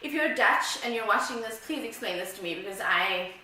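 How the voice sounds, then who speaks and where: A woman's voice: mid-range voice, lively intonation, a little fast, pushed and bright, a little hiss or hum. A South African woman vlogging, casual and rambling, laughing at herself as she chats to the camera. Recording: very echoey room, mic far off.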